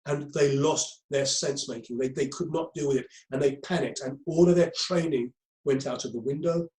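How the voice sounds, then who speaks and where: A man's voice: mid-range voice, normal speed, a little mellow, roomy sound, low-quality recording. A man giving a conversational lecture on crisis management to a group, often repeating himself with many ums.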